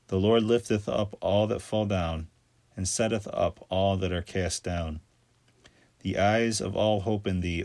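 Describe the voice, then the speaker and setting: Man reading scripture aloud, low and dry. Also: a little mellow, no echo. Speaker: scripture reader.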